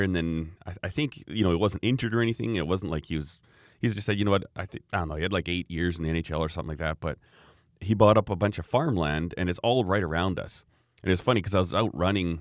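A man's voice: low-pitched, no echo, studio quality. A man co-hosting a podcast, telling rambling, easygoing stories full of fillers. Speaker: podcast co-host. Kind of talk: casual chat.

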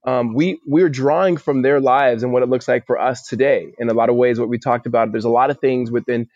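A man's voice: medium pitch, steady tone, a little fast, a little mellow, dry recording. A man explaining a Bible passage on a podcast, earnest and casual, often repeating words as he gathers his thoughts. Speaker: pastor. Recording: dry, dull lo-fi sound.

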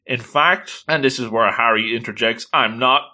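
Man, casual episode recap, excitable, exclaims a lot, bright voice, animated. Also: mid-range voice, moderate pace. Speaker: anime recap host.

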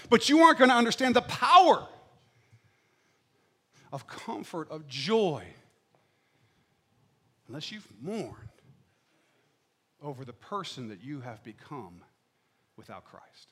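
A middle-aged man preaching a sermon in a church, swinging between loud, fervent declarations and quiet, intimate asides. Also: sits high, sing-song, unhurried, pauses often.

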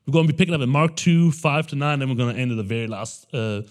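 A young adult man preaching a conversational sermon as pastor. He keeps checking in with the room by asking "right?" and acts out characters in quick, lively asides. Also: mid-range voice.

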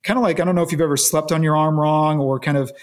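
A man being interviewed, recounting a personal story in an earnest, reflective way with halting restarts. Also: a little high, steady tone. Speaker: interview guest.

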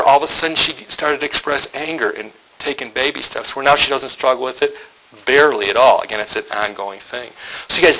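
Bright-voiced man telling stories in a sermon. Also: mid-range voice, low-quality recording. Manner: candid, joking storyteller who acts out quotes. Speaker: men's ministry speaker. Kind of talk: storytelling sermon to men.

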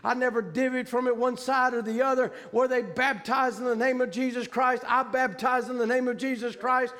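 A man's voice: very high-pitched, steady tone, normal speed, a bit bright, long reverb tail. A man preaching a sermon with fervent emphasis and plain vernacular grammar as he recounts a vision.

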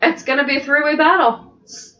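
A woman co-hosting a podcast, chatting excitedly about wrestling, laughing often, with dull lo-fi sound. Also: high-pitched, fairly quick. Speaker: podcast co-host. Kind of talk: casual wrestling chat.

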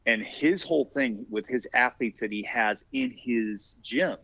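An older man, a masters athlete and former firefighter, telling stories in a relaxed interview and acting out the dialogue he quotes. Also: medium pitch, measured pace, dry recording. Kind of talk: casual storytelling in an interview. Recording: dry, dull lo-fi podcast audio.

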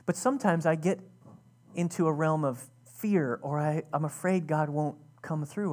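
A woman's voice: deep voice, normal speed, a little mellow. A woman pastor giving a conversational, earnest sermon, often restarting her sentences.

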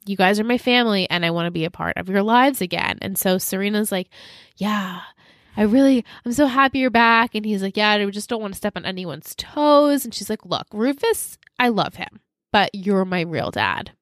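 A woman co-hosting a podcast, recapping episode scenes in casual chat and slipping quickly into characters' lines. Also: medium pitch, expressive, dry recording, studio quality. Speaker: podcast co-host.

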